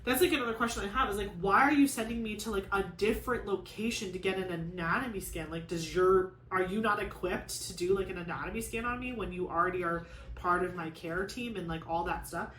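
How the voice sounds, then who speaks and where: A young woman talks casually to camera, rambling through a story with constant "like"s and restarts. Her voice sits at an ordinary middle pitch. The room is echoey, with a faint hiss of noise behind her. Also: a little fast, fairly bright tone. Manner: rambling, filler-heavy storytelling with many "like"s. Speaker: crafting vlogger.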